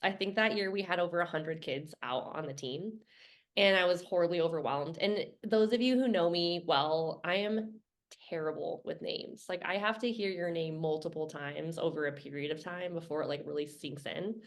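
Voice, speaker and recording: A woman's voice: on the low side, normal speed. A woman co-hosting a podcast, chatting casually and laughing easily. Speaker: podcast co-host, former coach. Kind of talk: casual chat.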